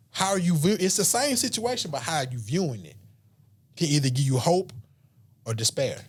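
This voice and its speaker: Earnest man telling a personal story. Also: fairly high pitch. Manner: earnest, emotional, drops to a near-whisper at heavy moments. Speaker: podcast guest. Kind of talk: personal storytelling in a casual chat.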